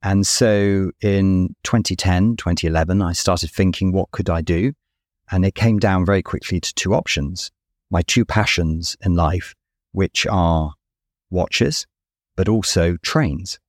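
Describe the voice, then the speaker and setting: A man in his thirties telling a story in an interview, with a warm, anecdotal manner and wry asides. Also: low voice, a little slow, no echo, clean studio sound. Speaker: guest, watch company founder.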